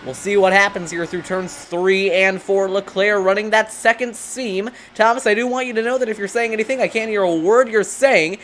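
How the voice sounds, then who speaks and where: This is a lead commentator on an online sim racing broadcast who calls the race play-by-play. The delivery is brisk and steady, reeling off driver names, positions and corners, and the pitch sits in a middling range. It sounds like a headset mic on a remote call. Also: a little hiss or hum.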